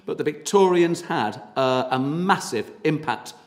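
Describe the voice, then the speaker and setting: A man's voice: a little high, animated, a little slow. A man giving a local history talk, chatty and full of ums and uhs. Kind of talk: public lecture. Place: meeting hall. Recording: long hall reverb.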